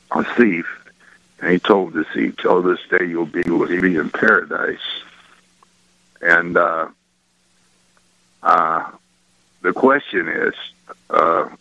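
A man calling a radio show by phone, asking a Bible question hesitantly, with lots of pauses and fillers. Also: sits low, creaky, pushed and bright, no room sound. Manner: hesitant, many fillers and restarts. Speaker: caller. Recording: dull phone line.

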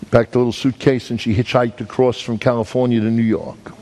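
A man's voice: mid-range voice, flat delivery, fairly quick, few pauses, darkish tone. A man preaching as an evangelist, telling a story in a folksy, emphatic way with many restarts and repeated words. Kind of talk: storytelling sermon.

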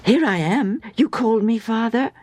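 A woman's voice: on the high side, animated, normal speed, a little mellow, no room sound, pitched above the performer's own voice. A woman voicing an eager, earnest young boy in a Bible storybook, a little stammering.

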